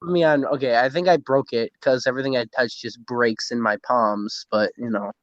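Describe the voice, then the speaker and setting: A man's voice: medium pitch, fairly even intonation, normal speed, no echo. Goofy teenage guy on a phone call. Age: teens. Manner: goofy, self-mocking, jokey. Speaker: podcast guest. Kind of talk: casual chat. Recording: dull dry phone call audio.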